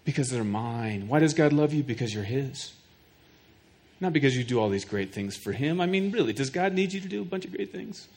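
A middle-aged pastor preaches earnestly to his congregation, often repeating a word as he builds a point and putting questions directly to his listeners. His voice is fairly high, animated, creaky and a little mellow, and he speaks a little fast.

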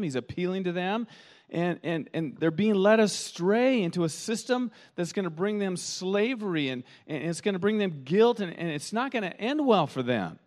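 A middle-aged man preaching a sermon as pastor, building from calm teaching to animated rhetorical questions. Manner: rising to animated, high-pitched rhetorical questions.

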